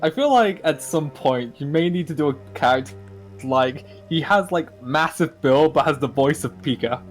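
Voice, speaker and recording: A man's voice: fairly high pitch, lively intonation, normal speed, soft background music. A man chatting casually on a stream, teasing the others.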